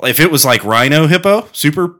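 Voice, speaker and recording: A man's voice: fairly high pitch, expressive, fairly quick, sharp tone. A man co-hosting a podcast, telling rambling, profane stories in casual chat. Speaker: podcast co-host.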